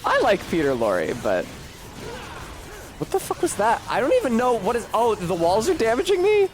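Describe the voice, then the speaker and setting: A man's voice: very high-pitched, wildly swooping pitch, normal speed. A man streaming a video game, chatting casually in a rambling, profane, self-deprecating way. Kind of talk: casual gameplay commentary.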